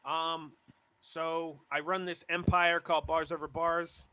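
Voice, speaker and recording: A man's voice: on the high side, a little slow, smooth, no echo. A man from Roxbury, Massachusetts, talking casually as a podcast guest, rambling with lots of fillers. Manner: rambling, filler-heavy, excited. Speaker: guest rapper.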